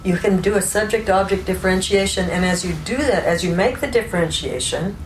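A woman giving an unscripted spiritual teaching, explaining ideas calmly and often checking in with "right?" and "you know". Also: mid-range voice, brisk. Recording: roomy echo with faint background noise.

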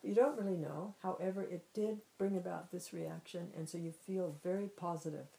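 Low-voiced woman teaching with a story. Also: moderate pace, vocal fry, warm tone, low-quality recording. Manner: conversational, frequent "you know", restarts and repeats. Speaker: spiritual teacher.

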